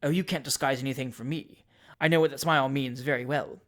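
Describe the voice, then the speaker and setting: A prim, catty spinster aunt as the reader puts her on, lifting into a higher, fluttering tone for her flirtatious gossip. She drops to confiding whispers, arch and envious, in this classic-novel audiobook. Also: steady tone, quick pace, a bit bright, close to an everyday voice. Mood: coy gossip. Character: coy gossiping spinster aunt, middle-aged woman.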